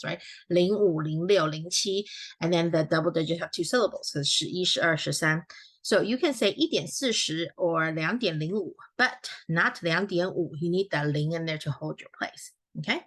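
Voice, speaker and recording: Bright-voiced woman teaching grammar. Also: on the low side. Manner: friendly, explanatory, corrects own slips aloud. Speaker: Chinese language teacher. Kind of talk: recorded grammar lesson walkthrough.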